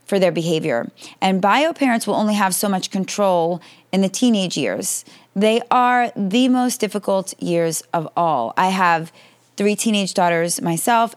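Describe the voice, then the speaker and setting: Direct woman giving step-parenting advice. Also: medium pitch. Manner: direct, reassuring, coaching tone. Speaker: podcast advice host. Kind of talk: reading and answering listener questions.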